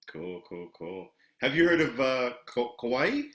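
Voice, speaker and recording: A man's voice: mid-range voice, sing-song, measured pace, a bit bright, echoey room. A man hosting a casual interview over a video call, easygoing and affirming, often repeating his words. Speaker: interview host.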